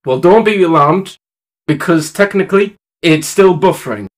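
Brief: male podcast host, high and very lively pitch, playful and jokey with friends. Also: moderate pace. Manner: playful, jokey, opens with a mock American accent. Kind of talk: casual podcast chat.

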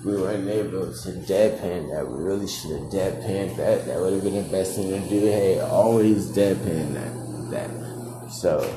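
A man's voice: low voice, unhurried, reverberant, noisy background. A young man hosting his own podcast, rambling and swearing, laughing often, and saying he is drunk. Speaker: podcast host. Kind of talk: casual solo podcast rambling.

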